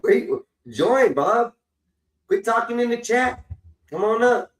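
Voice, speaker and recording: A man's voice: very high voice, animated, takes it slowly. A man on a live stream call-in panel, teasing and rambling with fillers in casual banter. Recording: roomy, distant mic.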